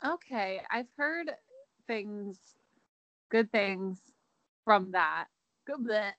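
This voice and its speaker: A woman's voice: medium pitch, lively intonation, drawn-out words, fairly bright tone, low-quality recording. A young woman co-hosting a casual chat podcast, chatty and playful, filling her talk with "like". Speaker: podcast co-host.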